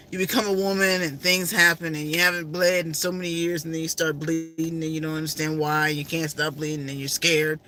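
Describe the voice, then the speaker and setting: A woman's voice: low voice, little pitch movement, normal speed, sharp tone. A middle-aged woman vlogger in an emotional, faith-filled personal storytelling style, repeating herself often.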